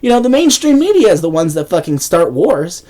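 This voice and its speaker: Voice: mid-range voice, sing-song, fairly quick, mellow. Swearing, sarcastic political ranter. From Canada. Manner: angry, sarcastic, heavy swearing, frequent restarts; laughs mockingly between points. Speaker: political commentator. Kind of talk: profane political rant.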